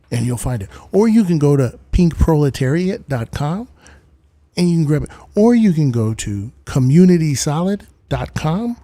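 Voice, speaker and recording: A man's voice: on the high side, expressive, unhurried, pauses often, dark tone, dry recording. A man hosting a casual livestream, goofy and rambling, who repeats bits and slips into mock accents. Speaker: livestream host.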